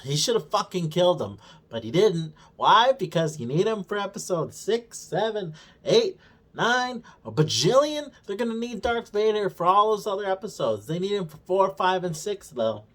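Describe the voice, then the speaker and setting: A man's voice: high voice, very animated, normal speed, a bit bright. A man co-hosting a review show, recapping episodes in a casual, sarcastic way, swearing constantly and mockingly acting out the characters' lines. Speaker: show co-host reviewing a TV series.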